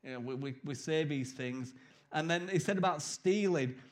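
A man's voice: a little high, moderate pace. A man preaching a sermon in a conversational, emphatic way, acting out quoted voices.

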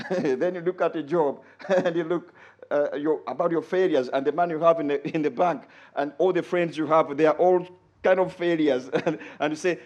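Husky, animated male preacher. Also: moderate pace. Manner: animated preaching, rising to high exclaims when quoting and dropping low for asides. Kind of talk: sermon.

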